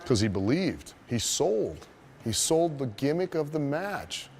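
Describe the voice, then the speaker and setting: A man who is a wrestling trainer telling a story as a lesson, profane and animated, asking his listeners rhetorical questions. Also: fairly high pitch, measured pace.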